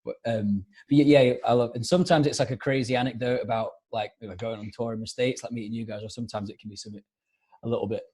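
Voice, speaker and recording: An Englishman talks quickly in a rambling, easygoing way, his voice a touch husky. He swears casually and chats over a video call. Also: mid-range voice, steady tone, warm tone. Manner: rambling, laid-back, swears freely. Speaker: guest musician. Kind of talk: casual chat.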